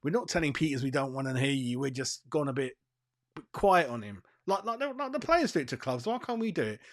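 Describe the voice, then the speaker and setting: A man's voice: mid-range voice, sing-song, a little fast. A man hosting a football fan channel, giving a blunt, profane and fired-up rant on transfer news. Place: seated, in a dry room.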